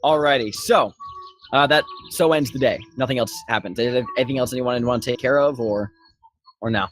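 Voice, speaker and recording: A man narrating a tabletop game as game master, talking haltingly with many fillers. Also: medium pitch, soft background music.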